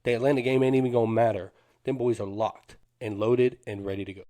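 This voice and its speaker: A man's voice: mid-range voice, steady tone, fast, dark tone. Fired-up male sports podcaster. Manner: fired-up, boastful fan talk with Southern slang like "them boys" and "cuz". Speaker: podcast co-host. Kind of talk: hyped sports podcast talk.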